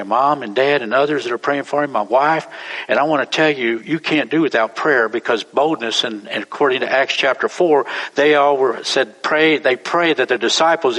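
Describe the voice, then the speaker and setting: A man's voice: mid-range voice, a bit bright. A man, preaching a sermon as pastor, telling stories in a folksy, rambling way that repeats itself. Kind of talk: sermon storytelling. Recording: long church reverb.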